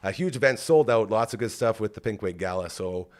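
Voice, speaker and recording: Brisk and lively in intonation, this lowish-voiced podcast host tells an emotional story in a rambling, casual chat, saying "like" over and over.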